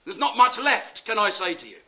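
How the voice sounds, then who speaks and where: A man preaching a sermon, impassioned and pleading, swinging from loud urgent appeals to hushed words. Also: high-pitched, big pitch swings, brisk. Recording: dull lo-fi sound.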